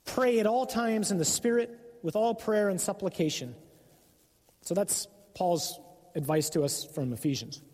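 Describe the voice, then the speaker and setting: A man's voice: high voice, a little slow, a little mellow, big-room sound. A man preaching a sermon, earnest and emphatic, sometimes acting out the devil's voice.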